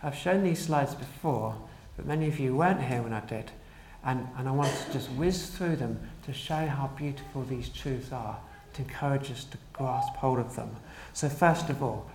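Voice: mid-range voice, expressive, darkish tone, a little hiss or hum. Earnest preacher in an echoey room. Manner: earnest, emphatic, slows down to stress key declarations. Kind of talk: sermon.

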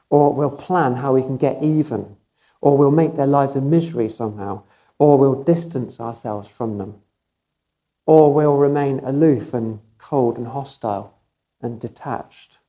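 A man's voice: mid-range voice, warm tone. A man preaching a sermon, telling a story vividly and emphatically, often repeating phrases for effect.

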